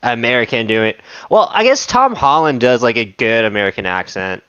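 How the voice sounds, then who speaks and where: Smooth-voiced man on a dull, dry mic. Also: medium pitch, expressive, moderate pace, bright, forceful tone, no room sound. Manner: loose, filler-heavy, laughing. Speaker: stream co-host. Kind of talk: casual chat.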